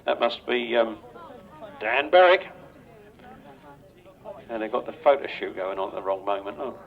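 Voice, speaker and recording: An older English man announcing riders and calling a grasstrack race over a loudspeaker at an outdoor track, chatty and joking with the riders. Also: lowish voice, animated, normal speed, creaky. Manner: chatty, jokey, banters with riders. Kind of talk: live grasstrack commentary over a PA. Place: outdoor racetrack. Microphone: public address microphone. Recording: dull lo-fi outdoor recording.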